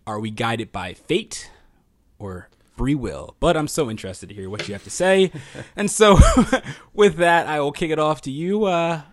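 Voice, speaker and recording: A man co-hosting a casual podcast, excitable and quick to laugh as he thinks out loud. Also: on the high side, no echo. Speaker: podcast co-host.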